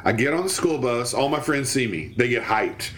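A man's voice: medium pitch, moderate pace, a little hiss or hum. A man telling a stand-up style story from his school days, acting out the voices of the people in it. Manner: animated, acts out quoted voices. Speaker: podcast co-host.

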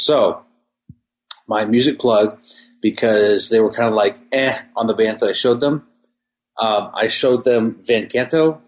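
Meandering low-voiced man telling a story. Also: a little slow, low-quality recording. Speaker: podcast co-host. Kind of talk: casual chat.

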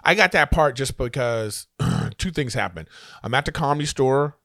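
A comedian and actor telling animated stories as a guest in a casual interview, acting out what people said to him. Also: male voice, mid-range voice, moderate pace, no echo, studio quality.

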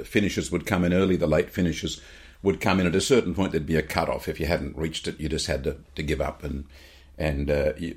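An Australian man with a very low, deep voice tells a story on a talk podcast. He is animated and often restarts his sentences as he goes. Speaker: podcast co-host. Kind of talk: storytelling in casual chat.

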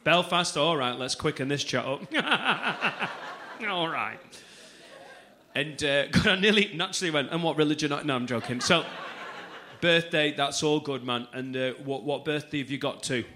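A man in his thirties, a stand-up comedian doing loud, cheeky, swearing crowd work on a comedy club stage. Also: fairly high pitch, lively intonation, moderate pace, slight background noise. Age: 30s.

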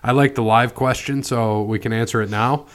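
A man's voice: mid-range voice, steady tone, moderate pace. A man hosting a casual wrestling podcast, joking and laughing with his co-hosts. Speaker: podcast host. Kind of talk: casual chat.

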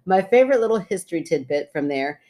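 A woman's voice: fairly low pitch, lively intonation, quick pace, warm tone. A woman co-hosting a podcast, chatting with her sister, giggling, and reading a listener's ghost story aloud with asides. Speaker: podcast co-host.

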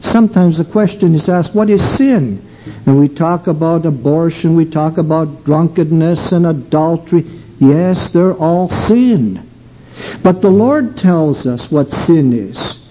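Older guy preaching slow and earnest, really dark mellow voice, muffled lo-fi recording. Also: a little high, lively intonation. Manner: slow, earnest, emotional storytelling. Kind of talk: sermon testimony. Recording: dull lo-fi recording with faint background noise.

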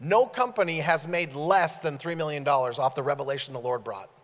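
Guest preacher, male, storyteller who acts out his dialogue, mid-high voice, big reverberant room. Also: fairly quick. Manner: animated, acts out dialogue in stories. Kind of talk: sermon storytelling. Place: church sanctuary. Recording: long hall reverb.

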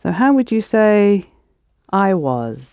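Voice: mid-range voice, sing-song, slow pace, darkish tone, smooth, no room sound, lo-fi sound. A teacher running a spoken Arabic lesson, patiently prompting students and explaining pronunciation.

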